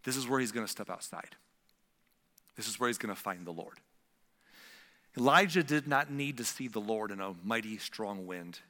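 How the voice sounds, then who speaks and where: A man preaching a sermon as a pastor, swinging from loud emphatic lines to hushed whispers. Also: lowish voice, lively intonation, moderate pace, pauses often. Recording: long hall reverb.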